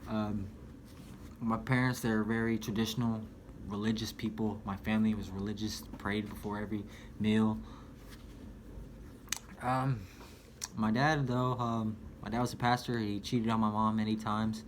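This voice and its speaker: A young man's lowish voice, fairly even in intonation, moves at normal speed with frequent pauses as he reviews a book casually to camera. Slight background noise is present, and his rambling, chatty talk often includes "dude" or "man."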